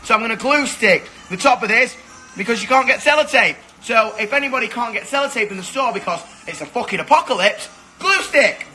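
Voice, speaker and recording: A young man chatting casually on a phone livestream from his kitchen, excitable, swearing a lot and shouting to his friends. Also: very high voice, fast, faint music behind, poor audio. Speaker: musician hosting a livestream. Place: kitchen at home. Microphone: phone camera.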